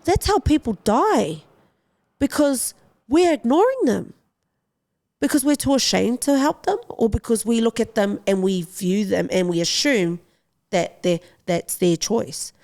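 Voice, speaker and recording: A woman's voice: on the high side, expressive, measured pace, darkish tone. A young adult woman, a boxing champion, telling a personal story as a podcast guest in an impassioned, urgently pleading way.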